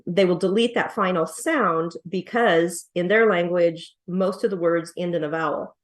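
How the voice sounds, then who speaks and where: Woman, coach, lowish voice, casual teaching tone with plenty of ums and questions. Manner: explanatory, with frequent fillers and rhetorical questions. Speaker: accent coach teaching presenters. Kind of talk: casual online lesson.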